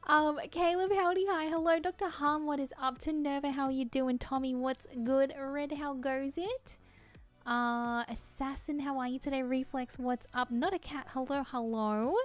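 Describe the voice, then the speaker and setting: Bubbly high-voiced woman streamer. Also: steady tone, measured pace, faint music behind. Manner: bubbly, giggly, scattered. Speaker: live streamer. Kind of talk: casual live-stream chat.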